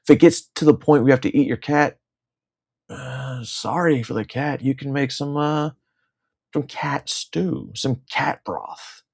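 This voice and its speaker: A man's voice: medium pitch, a little slow, gravelly, a little mellow, breathy edge. A middle-aged man from the United States in a rambling, sardonic monologue, swearing freely and repeating his own lines. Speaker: vlogger. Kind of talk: casual ranting monologue.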